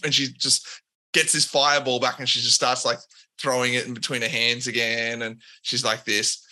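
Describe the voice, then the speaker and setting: A man's voice: mid-range voice, level tone, moderate pace, bright, forceful tone. A man narrating a tabletop role-playing game as game master, rambling with many fillers.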